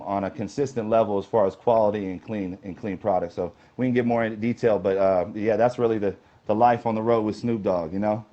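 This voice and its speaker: A man with a warm, fairly low voice rambles through long, easygoing stories as an interview guest, leaning on "you know" to fill pauses. The audio has a slightly dull, lo-fi quality.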